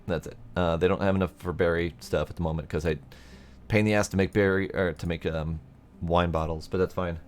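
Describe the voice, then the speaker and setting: A man's voice: low-pitched, fairly even intonation, fairly quick. A man giving casual let's play commentary, thinking aloud as he plays and swearing mildly now and then. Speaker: gameplay commentator.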